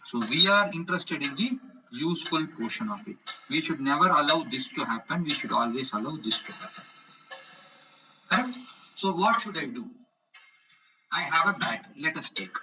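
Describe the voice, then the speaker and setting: A man's voice: a little high, expressive, normal speed, long pauses, sharp tone, far from the mic, faint music behind, poor audio. Man lecturing, asking "correct?" often. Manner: repeats "correct?" to check understanding. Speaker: teacher. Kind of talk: explanatory lecture.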